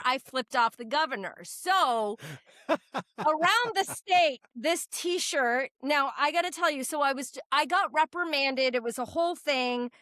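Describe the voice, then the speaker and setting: A woman from New Hampshire, a state legislator, telling stories in a blunt, profane, animated way during a casual podcast chat. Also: high-pitched, measured pace, no echo, studio quality. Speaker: state representative guest.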